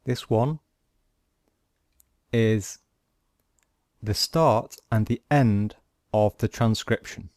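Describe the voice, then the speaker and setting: A man teaching pronunciation, patiently explaining phonetic symbols and modelling each sound slowly. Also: lowish voice, darkish tone, clean tone, no room sound, studio quality. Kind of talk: slow, deliberate lesson explaining phonetic symbols.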